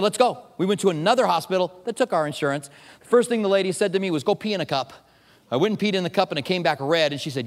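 Middle-aged male pastor, preaching, animated self-mocking storytelling, slightly high voice, long hall reverb. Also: quick pace. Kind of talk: sermon with personal story.

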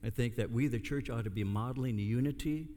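A man's voice: mid-range voice, a little fast, dark tone. An older man, a pastor, preaching a sermon and telling a story with comic asides. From United States. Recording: long hall reverb.

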